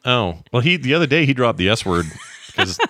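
A man's voice: mid-range voice, a little fast, dry recording. A middle-aged man co-hosting a podcast in casual chat, joking and telling rambling stories. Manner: jokey, rambling, animated storytelling. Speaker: podcast co-host.

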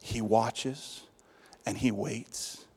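A man with a Texas accent, a pastor preaching a lively sermon in a church, swinging from loud calls to hushed asides. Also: on the low side, slightly rough. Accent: Texan. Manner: lively preaching with big swings in loudness, asides and quick jokes. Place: church sanctuary. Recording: long hall reverb.

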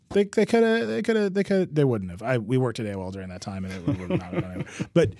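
Man, podcast host, animated and joking, casual chat, mid-pitched voice, dry close sound with no room echo. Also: rapid-fire, hardly any pauses. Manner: animated, joking, building up mock-grand plans.

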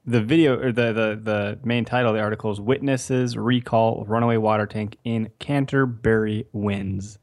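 A man's voice: fairly low pitch, fairly even intonation, normal speed, few pauses, darkish tone, no room sound, studio quality. A man co-hosting a casual podcast chat, teasing and cracking jokes. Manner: wisecracking, teasing. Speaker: podcast co-host.

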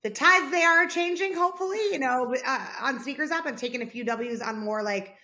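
Bright higher-voiced woman cohost, dramatic and slangy, chatting loose. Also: fairly quick. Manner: expressive, self-dramatizing, slangy. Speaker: podcast co-host. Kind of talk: casual chat.

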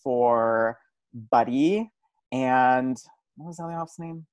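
A man's voice: mid-range voice, slow, a little mellow, dry recording. A man in his twenties, a podcast guest chatting casually and telling stories with self-amused flair.

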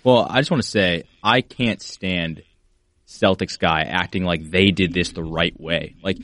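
A low-voiced man co-hosting a sports show, cutting in with blunt, frank opinions. The room is dry and close, and his tone stays casual. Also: measured pace, a bit bright, dry recording. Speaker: podcast co-host.

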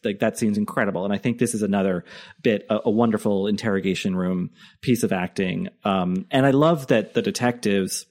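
A man co-hosting a casual podcast, talking things through in a halting way with many fillers and restarts. His voice sits somewhat low. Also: a little mellow. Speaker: podcast co-host.

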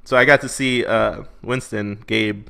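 A man's voice: lowish voice, fairly even intonation, unhurried, creaky, pushed and bright, clear, resonant tone. A man co-hosting a podcast, talking about a movie in a laid-back, slangy way with casual swearing. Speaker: podcast co-host. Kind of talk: casual movie review chat.

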